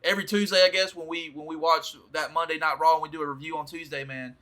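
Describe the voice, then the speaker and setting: Bright, laid-back podcast host man. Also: fairly high pitch, steady tone, fast talker. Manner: laid-back, laughing, acts out quotes. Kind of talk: casual chat.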